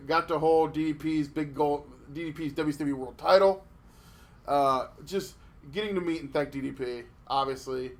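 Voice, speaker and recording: Animated, cursing male podcast host. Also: a little high. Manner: animated storytelling with profanity and restarts. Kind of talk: casual podcast chat.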